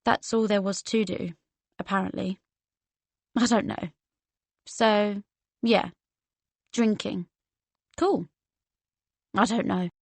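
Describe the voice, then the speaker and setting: A woman's voice: mid-range voice, fairly even intonation, takes it slowly, gravelly, pauses often, no room sound. A woman narrating an audiobook in the first person, in a wry, conversational manner.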